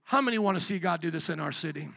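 High, gravelly, bright-voiced man preaching. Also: rapid-fire. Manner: animated preaching, rising to shouts and call-and-response. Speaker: pastor. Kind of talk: sermon.

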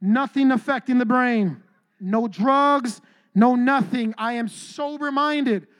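A man's voice: extremely high pitch, takes it slowly, fairly bright tone, pitched below the performer's own voice, heavily acted. A preacher putting on a boastful young guy. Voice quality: slangy, emphatic. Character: cocky young churchgoing man boasting he is sober.

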